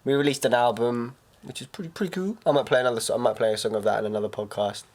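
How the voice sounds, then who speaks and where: A man's voice: mid-range voice, racing, a little mellow. Young guy, mid voice, chill storyteller on a podcast. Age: young adult. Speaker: podcast co-host. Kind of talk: casual chat.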